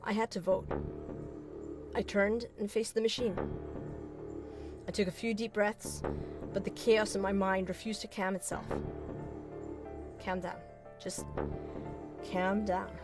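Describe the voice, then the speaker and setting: A woman's voice: mid-range voice, steady tone, normal speed, long pauses, music in the background. A young woman streamer who reads game text aloud in a let's play, breaking off often for chatty, self-deprecating asides.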